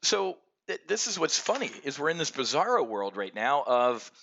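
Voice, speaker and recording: A middle-aged man hosting an options trading show, giving a brash, energetic market commentary rant and calling out to the folks watching. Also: fairly high pitch, moderate pace, gravelly, dull audio. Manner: brash and animated, keeps addressing folks.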